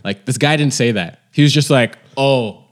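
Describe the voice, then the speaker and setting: A young man chatting casually and telling stories. He swears freely, piles on fillers like "like" and "uh", and often slips into loud quoted shouts. His pitch sits in an ordinary middle range. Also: brisk. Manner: loose storytelling, heavy swearing and fillers. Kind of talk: casual chat.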